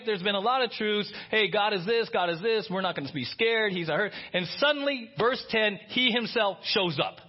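A man preaching a conversational sermon, animated and often asking his listeners "right?". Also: high voice, slightly rough, lo-fi sound. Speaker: pastor.

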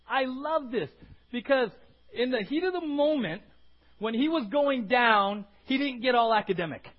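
High-voiced pastor preaching emphatically. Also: male voice, moderate pace, dull audio. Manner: emphatic, repeats words, rises to cries when quoting. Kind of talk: sermon.

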